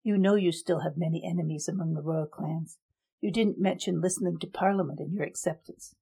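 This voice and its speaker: A woman's voice: lowish voice, fairly even intonation, a little fast, warm tone, breathy edge. A woman voicing a wry elder advisor who makes dry, frank remarks in a storybook reading.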